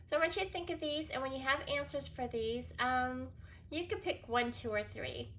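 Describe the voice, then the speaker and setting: A woman's voice: high-pitched, moderate pace, a bit bright, a little hiss or hum. A woman teacher giving a recorded reading lesson for young children, sounding out words and spelling them letter by letter, with frequent praise. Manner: encouraging, praises often.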